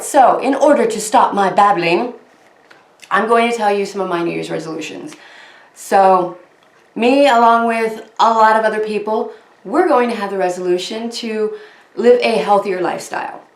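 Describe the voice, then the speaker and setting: A woman chatting casually to camera as host of her crafting channel, rambling and poking fun at herself. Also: on the high side. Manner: chatty, rambling, self-deprecating. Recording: echoey room.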